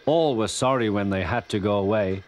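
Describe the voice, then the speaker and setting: A man's voice: on the low side, normal speed. A man with a British accent narrating a children's storybook cartoon expressively. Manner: lively and expressive.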